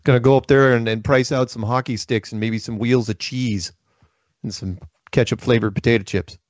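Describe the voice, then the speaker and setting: A man's voice: mid-range voice, fairly even intonation, moderate pace, no echo, highs cut off. A man hosting a call-in show, joking and rambling, laughing often. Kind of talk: casual call-in chat.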